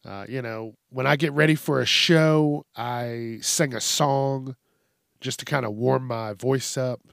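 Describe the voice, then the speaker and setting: A man's voice: mid-range voice, steady tone, measured pace, gravelly, fairly bright tone, no room sound, clean studio sound. A man hosting his own podcast, ranting in a blunt, profane, rambling way. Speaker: podcast host. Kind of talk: casual monologue.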